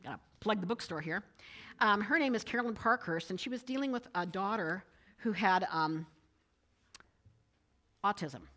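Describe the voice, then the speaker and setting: A woman speaks to a church gathering in a relaxed, conversational way, weaving personal stories into her message. Her bright voice rises and falls with lively swings in pitch as she tells her stories. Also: normal speed, pauses often. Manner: storytelling, animated, quoting others in changed voices. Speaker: speaker giving a Sunday message. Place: church sanctuary.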